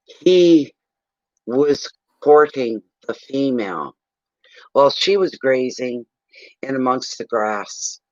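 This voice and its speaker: A man from eastern Canada who reads for clients, telling a rambling, animated story in a casual livestream chat. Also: medium pitch, no room sound, dull audio. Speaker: psychic reader telling a story.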